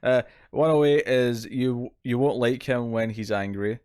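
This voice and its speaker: Podcast co-host, male, lively and chatty, dry close-miked sound. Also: mid-range voice, unhurried, clear, resonant tone, dry recording. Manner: animated, laughs often, acts out characters' lines. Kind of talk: casual review chat.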